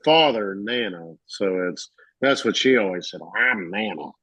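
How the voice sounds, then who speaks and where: A man's voice: lowish voice, lively intonation, measured pace, a bit bright, no echo. A middle-aged man, a podcast co-host in casual chat, who tells stories and acts out the voices in them. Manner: storytelling, acts out quoted voices. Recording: dull lo-fi dry sound.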